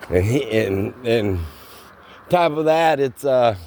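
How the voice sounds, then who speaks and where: Slow-talking man telling a work story. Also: medium pitch, animated, darkish tone, a little hiss or hum. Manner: slow, rambling delivery with plain spoken slang. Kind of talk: casual storytelling vlog.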